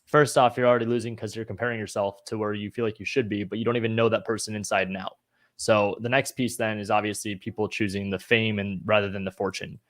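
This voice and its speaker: A man's voice: on the low side, quick pace. A man in his twenties talking casually and energetically as a co-host, coaching listeners. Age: 20s. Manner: energetic, motivational. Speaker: co-host, real estate agent.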